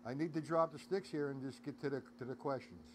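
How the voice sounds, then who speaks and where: A man's voice: medium pitch, fast, a little hiss or hum. A man teaching a live drum lesson, counting beats aloud and chatting with viewers in the stream chat. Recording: loud drum kit playing behind voice.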